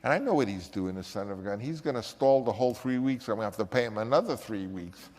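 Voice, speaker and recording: A man's voice: on the low side, fast talker, darkish tone, long reverb tail. A man and film director telling a rambling anecdote, often stopping and restarting his sentences. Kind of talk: anecdotal storytelling.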